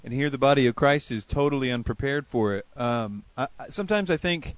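A man's voice: medium pitch, a little fast, dull audio. Hesitant male interview host. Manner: searching, hesitant phrasing. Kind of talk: interview questions.

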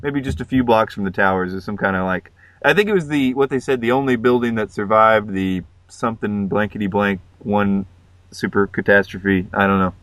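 A man's voice: on the low side, brisk, a bit bright, no echo. A man chatting casually on a podcast, hesitant and full of fillers. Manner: hesitant, filler-heavy, laughs often.

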